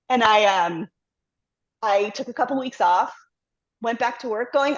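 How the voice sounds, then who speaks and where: A middle-aged woman sits for an interview and tells her own story with candor and reflection. Her voice sits a little higher than most, and she now and then slips into quoting the thoughts she once had. The recording is slightly muffled and lo-fi. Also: unhurried, long pauses. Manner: reflective, acts out her past self-talk in quotes. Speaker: guest, company CEO. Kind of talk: candid conversational storytelling.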